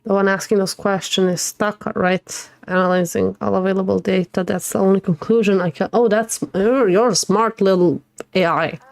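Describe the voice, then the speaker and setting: A young woman streams a game live, reading its dialogue aloud and reacting with open emotion between lines. Her voice sits at a middle pitch and stays natural and conversational. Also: fairly even intonation, normal speed, vocal fry, no room sound.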